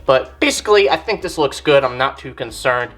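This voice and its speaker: Low-voiced woman giving a chatty demo. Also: lively intonation, fairly quick. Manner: chatty, thinks aloud, corrects herself. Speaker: reptile keeper and channel host. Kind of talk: casual hands-on demonstration.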